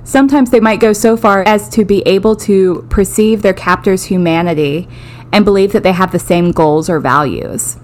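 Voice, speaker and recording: A woman co-hosting a podcast, explaining a topic in casual, measured steps with dry jokes. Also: medium pitch, a little mellow. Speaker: podcast co-host.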